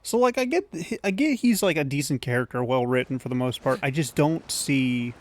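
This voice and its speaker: A man's voice: mid-range voice, animated, brisk, noisy background. A man streaming a video game, talking casually in a rambling, self-deprecating way. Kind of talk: casual gameplay commentary.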